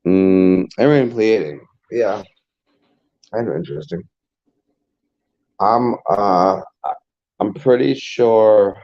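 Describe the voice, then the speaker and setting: A man with a lowish voice talks extremely slowly and pauses often, giving a rambling, profane, casual monologue as a spiritual vlogger. He frequently restarts his sentences, and the lo-fi recording is dull.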